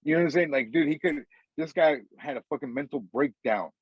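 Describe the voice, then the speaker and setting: A man's voice: on the high side, fairly quick, breathy edge, no echo, dull audio. A man co-hosting a podcast in casual, profane chat, rambling and saying "dude" all the time. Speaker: podcast co-host.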